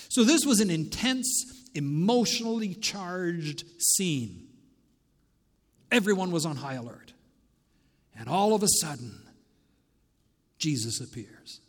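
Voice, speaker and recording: A man preaching a sermon as pastor, swinging dramatically between loud declarations and hushed near-whispers. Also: on the high side, in a large hall. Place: church sanctuary.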